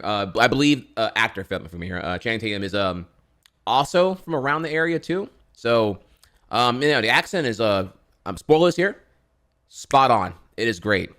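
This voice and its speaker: A man's voice: on the low side, sharp tone. A man from Florida streaming casual reaction commentary, rambling with lots of fillers and swearing.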